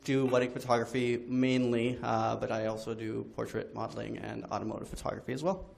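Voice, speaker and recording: A man in a live seminar audience introducing himself, a little halting. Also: mid-range voice, level tone, gravelly, a little mellow, a little hiss or hum. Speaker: audience member. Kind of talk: casual self-introduction.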